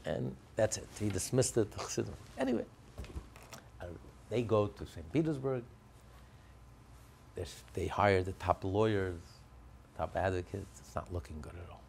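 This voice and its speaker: A man's voice: deep voice, normal speed, vocal fry, pauses often, a little hiss or hum. A man teaching a religious lesson through a story, narrating with energy and acting out what the characters say. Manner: animated, acts out the characters' lines.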